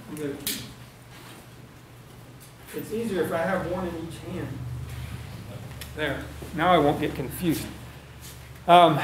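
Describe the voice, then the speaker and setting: A man's voice: a little high, a little mellow, a little hiss or hum. A man giving a live public lecture as a wildlife biologist, talking conversationally, telling field stories and asking the audience questions. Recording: echoey room sound.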